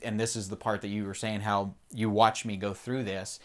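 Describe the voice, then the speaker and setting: A man's voice: on the low side, little pitch movement, moderate pace. A man on a podcast, candidly telling a personal faith story in an earnest, rambling way and swearing freely.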